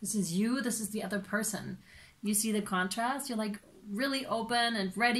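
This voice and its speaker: A woman giving a casual tarot reading, chatty and animated, with many fillers and playful acted-out reactions. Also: medium pitch, moderate pace. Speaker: tarot reader.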